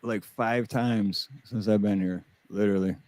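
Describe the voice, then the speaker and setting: A man in a relaxed panel chat, calling in over a video link. His voice sits on the low side and sounds dry and close, with no room around it. He keeps an easygoing, chuckling manner. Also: a little slow, no echo. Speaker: panel guest, streamer. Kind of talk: casual chat on a livestream panel. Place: lives in Hawaii.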